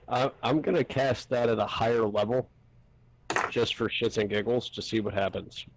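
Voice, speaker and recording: A man's voice: mid-range voice, normal speed, noisy background. A man playing in a tabletop game, laid-back and joking in casual chat. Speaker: player.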